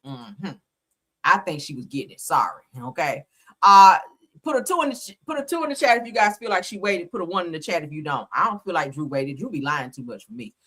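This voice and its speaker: A woman's voice: fairly low pitch, sing-song, a little fast, fairly bright tone, husky. A woman hosting a live reality TV commentary stream, chatty, slangy and opinionated. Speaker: channel host. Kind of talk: casual reality TV commentary livestream.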